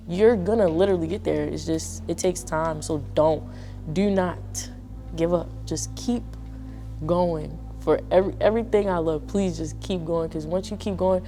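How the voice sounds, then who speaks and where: A woman's voice: lowish voice, fairly quick, mellow, faint music behind. A young woman in her early twenties, a graduating college student, giving a heartfelt, conversational testimonial. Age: early 20s. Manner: earnest, heartfelt, conversational with many "like"s. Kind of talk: personal testimonial talk.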